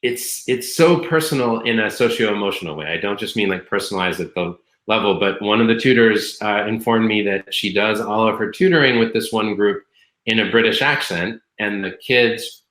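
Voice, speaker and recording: A man's voice: on the low side, moderate pace, fairly bright tone, echoey room, rough recording. A man speaking on a panel about his tutoring program, hesitant, with many fillers and restarts. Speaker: education program leader. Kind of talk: panel discussion.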